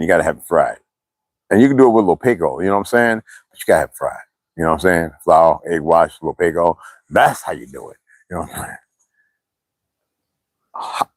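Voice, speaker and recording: An older man from the East Coast chats with his livestream viewers, rambling and swearing freely. His pitch swings widely and stays animated as he talks. The sound is dry and close to the mic. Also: no echo, poor audio. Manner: rambling, profane, reading and answering chat. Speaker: livestream host. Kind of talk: casual livestream chat with viewers.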